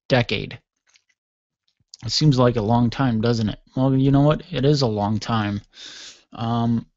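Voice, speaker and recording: A man's voice: mid-range voice, gravelly, no room sound. A tired man hosting a radio show, telling a rambling, self-mocking story in a casual monologue. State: tired, yawning. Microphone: studio microphone. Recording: dull lo-fi dry sound.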